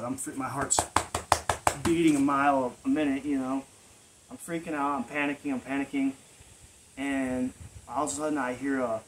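A man's voice: medium pitch, steady tone, normal speed, long pauses, noisy background. A man telling a personal story in a casual, rambling way full of filler words, as the host of his own channel. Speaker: vlog storyteller.

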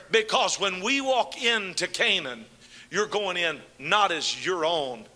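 A man preaching a fiery Pentecostal sermon, moving between shouted proclamations and low, chatty asides and calling out to his congregation. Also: expressive, takes it slowly. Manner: calls out to the congregation.

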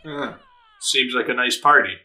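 A man with a mid-range voice reacts casually to an anime episode, getting excitable and laughing often. He swears a lot and slips into quick put-on voices for the characters.

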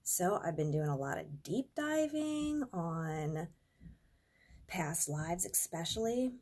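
A woman's voice: on the low side, sing-song, slow pace, a little mellow. A young adult woman vlogger telling a rambling, profane, exasperated story in a casual storytime vlog.

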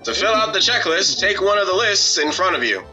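A man's voice: high-pitched, big pitch swings, a little fast, bright, forceful tone, faint music behind, exaggerated voice. A man voicing an old-timey male newsreel announcer who reads instructions in a formal, instructive way.

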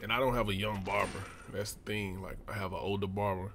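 A man's voice: lowish voice, steady tone, brisk, a bit bright, slight background noise. A man with a Southern US accent, chatting casually and drawling while playing a survival game on his channel. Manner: laid-back, chatty, drawling. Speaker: let's play gamer. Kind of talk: casual gaming commentary.

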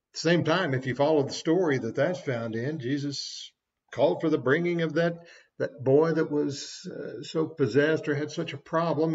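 A man's voice: fairly high pitch, a little mellow, highs cut off. A man giving a short devotional sermon as a preacher, folksy and conversational with small asides.

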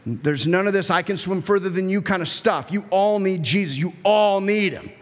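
Animated man preaching in a reverberant hall. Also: high voice, moderate pace. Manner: animated, emphatic, acts out voices of listeners. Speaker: pastor. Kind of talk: sermon. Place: church sanctuary.

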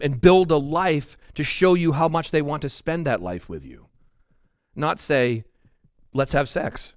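A middle-aged male pastor giving a verse-by-verse sermon in a chatty, animated way, often checking in with "right?". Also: medium pitch, no room sound, clean studio sound. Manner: conversational, animated preaching with frequent "right?" asides. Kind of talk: expository sermon. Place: church sanctuary.

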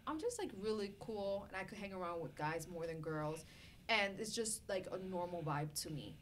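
A woman's voice: lowish voice, moderate pace, a little hiss or hum. A woman co-hosting a casual podcast, laughing often and acting out quoted lines in banter. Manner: animated, laughs often, quotes people in little acted lines. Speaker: podcast co-host.

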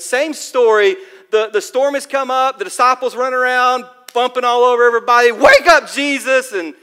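A man preaching a sermon in a church hall, telling the story in a lively, casual way with plenty of fillers. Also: high-pitched, smooth. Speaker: pastor.

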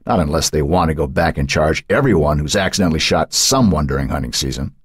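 A man voicing a calm, firm lawyer who speaks reassuringly, in an audiobook. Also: a bass voice, quick pace, husky, no room sound, clean studio sound, full character voice. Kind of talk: audiobook character voice.

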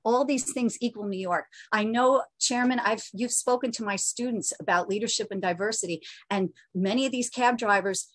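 A woman's voice: a little high, moderate pace, hardly any pauses, no echo. A woman giving earnest, pleading testimony at a remote council hearing over a video call. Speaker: public testifier. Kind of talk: impassioned public testimony.

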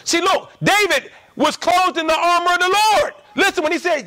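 A man's voice: extremely high pitch, normal speed, few pauses, bright, forceful tone, dry recording. A man preaching a sermon to a church congregation, emphatic and repeating his lines, asking the people questions.

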